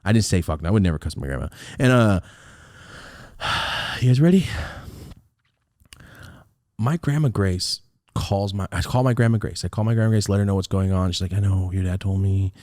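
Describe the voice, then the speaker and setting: A young man hosting a podcast, telling a story in a casual, profane, animated way and acting out the scenes, on a close mic. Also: lowish voice, normal speed, pauses often, no room sound. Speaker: podcast host.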